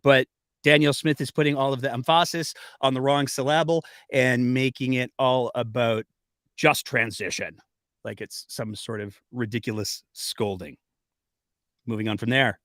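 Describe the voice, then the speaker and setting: A man hosting a political commentary show, sarcastic and animated as he picks apart the news. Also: mid-range voice, moderate pace, dry recording, clean studio sound.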